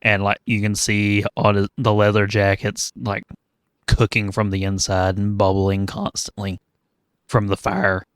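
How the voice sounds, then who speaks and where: A man's voice: on the low side, monotone, measured pace, clean tone, no room sound. A man co-hosting a podcast, chatting casually about a movie with wry, analytical humor. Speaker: podcast co-host. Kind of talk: casual movie review chat.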